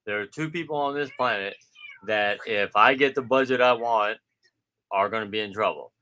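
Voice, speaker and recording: A man's voice: lowish voice, normal speed. A man chatting casually, teasing and joking, often acting out what people said. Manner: joking, teasing, self-mocking; quotes people in animated voices. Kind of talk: casual chat.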